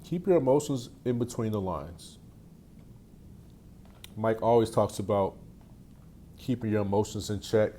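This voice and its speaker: A man with a somewhat low voice coaches real estate agents in an easygoing, unscripted way. He circles back on his phrases and restarts often. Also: unhurried, pauses often, warm tone, a little hiss or hum. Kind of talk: casual teaching talk.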